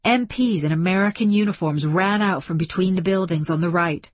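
A woman reading a story aloud as scripted narration, measured and dramatic. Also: lowish voice, dry recording. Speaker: audiobook narrator.

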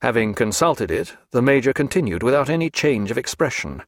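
Man reading a novel aloud, lively pitch. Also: a little fast, few pauses, no echo, clean studio sound. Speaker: audiobook narrator. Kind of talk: scripted audiobook narration.

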